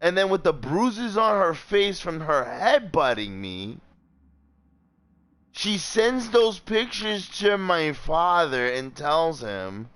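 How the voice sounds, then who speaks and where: A man's voice: fairly high pitch, slow, clean tone. A young man telling a long personal story in casual chat, swearing often, rambling, and acting out quoted people. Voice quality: profane, rambling. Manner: animated, voices quoted people. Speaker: gaming streamer.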